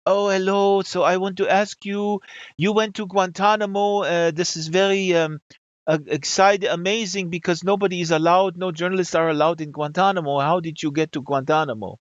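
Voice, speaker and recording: A woman's voice: on the low side, steady tone, moderate pace, no echo, lo-fi sound, pitched above the performer's own voice, close to an everyday voice. A man voicing an indignant woman radio journalist with a French accent. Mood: curious.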